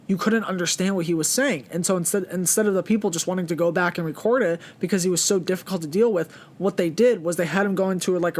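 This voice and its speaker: A young man giving a casual, rambling movie review, earnest and full of fillers. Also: high-pitched.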